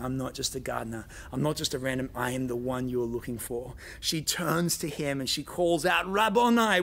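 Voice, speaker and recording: Gravelly-voiced man preaching a sermon. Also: a little high, a bit bright. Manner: dramatic storytelling, voicing quoted lines. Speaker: pastor.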